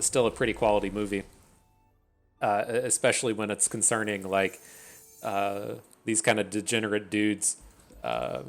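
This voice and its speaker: A man giving casual, rambling commentary on his own card game match, often restarting sentences and mocking his own misplays. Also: on the low side. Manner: rambling, self-deprecating, stammers and restarts. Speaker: gaming streamer.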